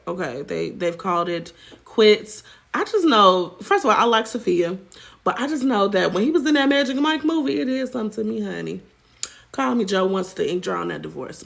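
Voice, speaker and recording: Sassy gravelly-voiced woman gossip host. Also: fairly low pitch. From United States. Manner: sassy, chatty, addresses viewers as child and honey. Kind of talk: casual celebrity gossip commentary.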